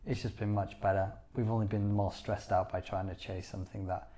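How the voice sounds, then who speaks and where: A man's voice: fairly low pitch, little pitch movement, a little fast, warm tone. A man co-hosting a podcast, chatting casually and enthusiastically with lots of "you know"s. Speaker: podcast co-host. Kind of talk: casual chat.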